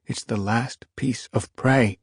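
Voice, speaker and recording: A male audiobook narrator voicing a frail female cat who protests gently. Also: medium pitch, expressive, measured pace, breathy edge, no room sound, studio quality, pitched above the performer's own voice. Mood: protesting.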